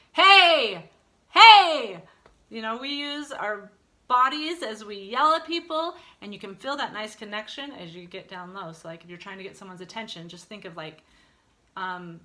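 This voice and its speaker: A woman's voice: medium pitch, sharp tone. A woman singing teacher leading an online lesson, encouraging students and demonstrating vocal exercises.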